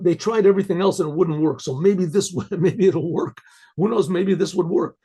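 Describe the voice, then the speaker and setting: A man, a rabbi, telling a story in a casual, halting way, repeating words and often clearing his throat. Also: fairly high pitch, a little mellow.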